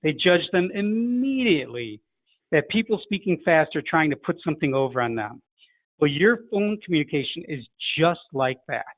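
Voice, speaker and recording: A man's voice: fairly high pitch, big pitch swings, normal speed, dry recording. A middle-aged man from Chicago with a Chicago accent, teaching a sales lesson in a direct coaching manner. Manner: direct, coaching, acts out phone greetings. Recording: tinny phone-like dry sound.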